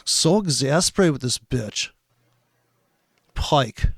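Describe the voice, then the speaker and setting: Male trading commentator, gravelly, exasperated, sarcastic and profane. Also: medium pitch, lively intonation, very slow, no echo, clean studio sound. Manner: exasperated, sarcastic, heavy swearing. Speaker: trading commentator reacting to a video.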